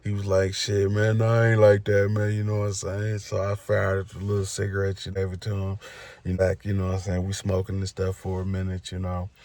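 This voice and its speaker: A man's voice: low-pitched, monotone, quick pace, vocal fry, a little mellow, no echo. A man telling a story in a casual storytime vlog, loose and rambling, with many fillers. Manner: loose, rambling, filler "you know what I'm saying".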